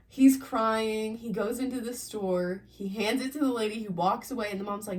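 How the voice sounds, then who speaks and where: A woman co-hosting a podcast, telling a story in relaxed casual chat and laughing often. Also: medium pitch, moderate pace, far from the mic. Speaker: podcast co-host.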